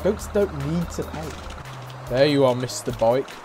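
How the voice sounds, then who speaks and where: A man giving excitable, profane let's play commentary as a gaming YouTuber, trash-talking and shouting now and then. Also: mid-range voice, measured pace. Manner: shouts and whoops suddenly. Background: game music.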